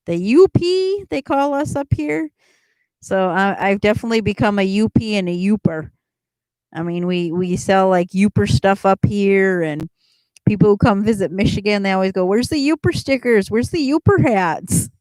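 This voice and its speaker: A woman's voice: mid-range voice, normal speed, a little mellow, smooth, no echo. A middle-aged woman hosting a casual livestream chat, rambling as she answers viewers and laughing often. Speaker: livestream host chatting with viewers.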